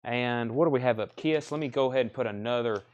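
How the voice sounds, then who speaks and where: A man's voice: mid-range voice, fast, darkish tone, lo-fi sound. A man with a Southern US accent hosting a live record sale, reading off titles, grades and prices and thinking aloud as he goes. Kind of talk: live-stream sales patter. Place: record store.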